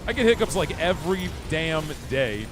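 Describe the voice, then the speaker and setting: Excitable male streamer with hiccups, game music behind. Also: on the high side, normal speed. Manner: chatty, reads chat aloud, reacts and laughs. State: has hiccups. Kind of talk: live gameplay commentary.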